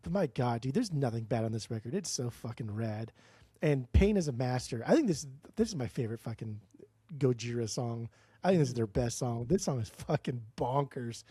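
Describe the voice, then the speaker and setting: A man's voice: mid-range voice, lively intonation, brisk, mellow, breathy edge, no room sound. A man co-hosting a podcast in casual chat, enthusiastic and swearing a lot, often calling his co-host dude. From United States.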